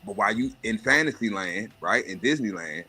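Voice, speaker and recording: Brief: adult man, livestream host, blunt and animated, punchy bright tone. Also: lowish voice, a little fast, husky, soft background music. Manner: profane, animated rant with mocking put-on voices. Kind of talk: casual monologue.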